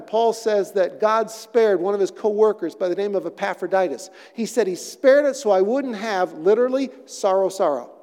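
A male pastor giving an expository sermon, with dramatic pauses and emphatic repetition in a church sanctuary. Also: sits high, darkish tone. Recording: long reverb of a large hall.

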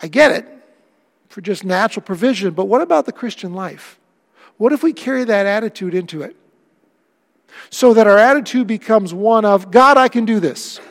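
High-voiced preacher in a big echoing hall. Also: male voice, normal speed, creaky, pauses often. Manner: animated preaching that swings between loud and hushed. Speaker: pastor. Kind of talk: sermon.

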